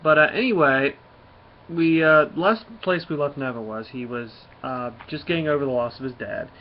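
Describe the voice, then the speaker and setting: A man's voice: on the high side, moderate pace. Rambling man retelling a comic. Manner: rambling, filler-heavy retelling. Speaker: comic book reviewer. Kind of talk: casual review vlog. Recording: dull lo-fi audio with faint noise.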